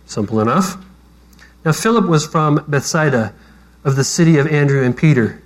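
A man's voice: on the high side, lively intonation, normal speed. A man preaching a sermon as pastor, talking conversationally with self-deprecating jokes.

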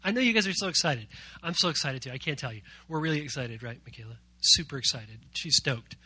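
A man's voice: mid-range voice, animated, fast, bright, forceful tone, slightly rough, dry recording. A man preaching a youth sermon as pastor, playful and jokey, quizzing his young audience.

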